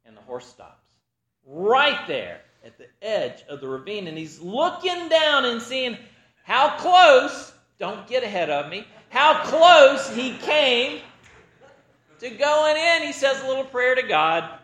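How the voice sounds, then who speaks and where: A man preaching a sermon, opening with a joke and acting out its characters in an animated storytelling manner. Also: extremely high pitch, slow, reverberant.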